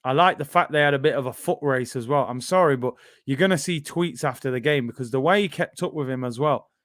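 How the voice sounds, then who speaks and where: With a mid-range voice and a fast delivery, a British-accented man hosts a live football watch-along, joking excitedly and reading viewer comments. The recording is dry and studio-clean.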